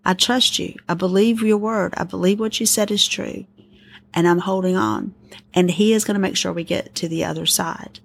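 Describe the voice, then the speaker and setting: A middle-aged woman hosting a podcast, giving an earnest, gently pleading devotional talk of encouragement. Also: fairly low pitch, fairly even intonation, moderate pace, gravelly, husky. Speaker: podcast host.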